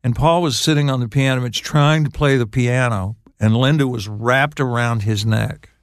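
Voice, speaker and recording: Older guy guesting on an interview, gravelly, stops and restarts, laughs a lot, dry mic. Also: mid-range voice, fairly even intonation, no room sound. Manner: halting, restarts phrases, laughs while telling. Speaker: guest songwriter. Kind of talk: casual storytelling interview.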